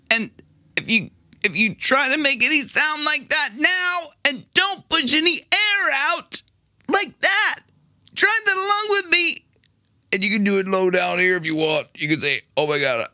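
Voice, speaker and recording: A man's voice: fairly low pitch, no room sound, studio quality. A middle-aged man from Ohio, a vocal coach who talks casually, restarts sentences often and breaks into sung and gasping demonstrations. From Ohio, United States.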